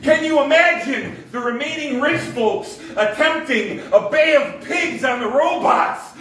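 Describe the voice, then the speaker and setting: A man's voice: very high voice, a little slow, a bit bright. A male comedian doing a stand-up set at a coffee shop open mic, with sarcastic, mock-conspiratorial rants. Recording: echoey room, mic at a distance.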